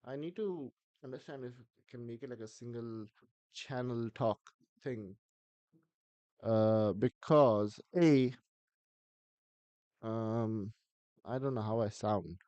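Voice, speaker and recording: A man chatting on a live stream, thinking aloud and halting with restarts. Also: mid-range voice, a little mellow, dry recording, highs cut off. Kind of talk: casual live-stream talk.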